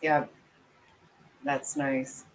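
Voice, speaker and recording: A woman's voice: sits high, big pitch swings, extremely slow, vocal fry, low-quality recording. Giggly chatty woman with a drawl. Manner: chatty, giggly, self-deprecating. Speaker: commentary channel host. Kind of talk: casual livestream chat with viewers.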